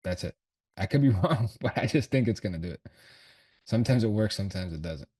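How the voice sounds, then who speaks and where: A trader livestreams his chart analysis in casual chat, his low, husky voice picked up by a distant mic. He's animated, brisk and warm, using slang, swearing, laughing a lot and thinking out loud.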